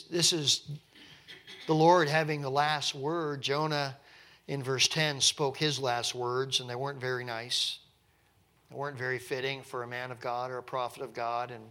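A man's voice: on the high side, pushed and bright. A man preaching a sermon in an earnest, emphatic way, asking rhetorical questions and reading scripture in old King James wording.

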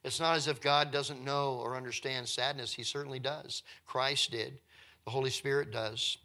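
A man's voice: medium pitch, steady tone, normal speed, sharp tone. A man preaching a sermon as a pastor, earnest and conversational, with emphatic repetition.

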